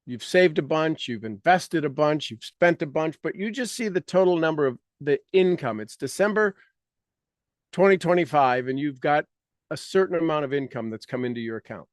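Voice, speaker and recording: A man's voice: fairly high pitch, moderate pace, dry recording, clean studio sound. A man leading an online coaching session, guiding listeners through a visualization with coaxing instructions and acted-out reactions. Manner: energetic, coaxing, acts out reactions. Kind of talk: guided visualization workshop. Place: online video call session.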